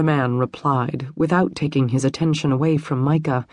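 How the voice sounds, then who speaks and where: Breathy woman narrating a novel. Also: rumbling low, fairly even intonation, normal speed, a little mellow, no room sound, studio quality. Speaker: audiobook narrator. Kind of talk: scripted narration.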